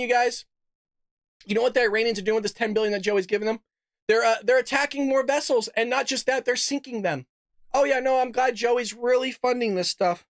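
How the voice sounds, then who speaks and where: A man hosts a casual political commentary show in a gravelly voice. He rants, laughs often and swears freely. The sound is dry and close. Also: high-pitched, no room sound. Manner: ranting, laughs a lot, swears. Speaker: podcast host.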